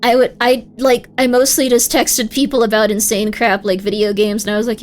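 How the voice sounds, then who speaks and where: A young woman streaming live, chatting casually with her viewers and breaking into sudden high, excited shouts. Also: fairly quick, hardly any pauses.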